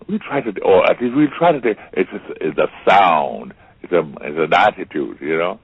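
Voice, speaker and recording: A very deep, husky older man from Trinidad tells stories with theatrical flair, repeating words and acting out the people he quotes. The sound is thin and tinny, like a phone line. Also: lively intonation, fairly quick, no echo. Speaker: interview guest. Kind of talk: storytelling conversation.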